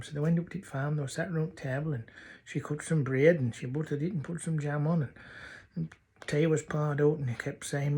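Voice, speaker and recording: A man's voice: fairly high pitch, steady tone, fairly quick, a little mellow, husky. A man with a North Yorkshire accent telling rambling dialect stories. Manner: rambling, chatty. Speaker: dialect storyteller.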